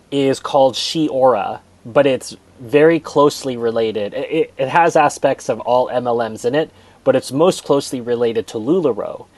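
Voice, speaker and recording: Male book reviewer, casual and conversational, mid pitch, dry close recording. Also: a little mellow, no echo. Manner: conversational, frequent restarts and repeated words.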